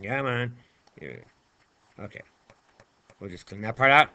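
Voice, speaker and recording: Chatty, bright-voiced male math teacher. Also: mid-range voice, measured pace, lo-fi sound. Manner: chatty, talks to himself, playful asides. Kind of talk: screen-recorded math lesson.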